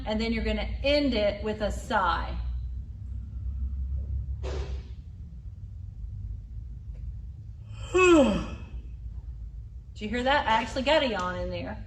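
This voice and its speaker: A woman leading a group through voice exercises, coaching loud, exaggerated sounds. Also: a little high, slight background noise. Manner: loud, exaggerated vocal demonstrations. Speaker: exercise leader. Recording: echoey room, a bit far from mic.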